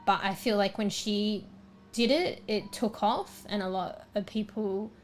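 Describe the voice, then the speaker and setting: A woman's voice: mid-range voice, measured pace, soft background music. A young woman with an Australian accent, chatting casually with her stream viewers. She rambles, fills her talk with fillers, and her voice is slightly worn. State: slightly losing her voice, clearing her throat. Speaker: livestreamer. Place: small room at home.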